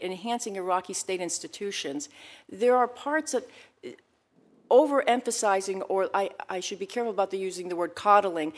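A woman giving testimony at a hearing, speaking earnestly and emphatically, often restarting her sentences. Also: medium pitch. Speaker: expert witness at a hearing.

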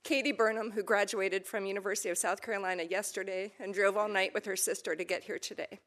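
A woman in her fifties from the United States, reading prepared testimony at a committee hearing in a measured, earnest way that turns emotional at times. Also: mid-range voice, fairly even intonation, fairly bright tone. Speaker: ambassador nominee testifying.

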